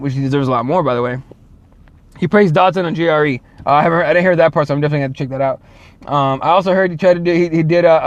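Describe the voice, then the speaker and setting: A man's voice: on the high side, no echo. A man hosting a casual solo show, rambling and swearing, full of fillers and restarts. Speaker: show host.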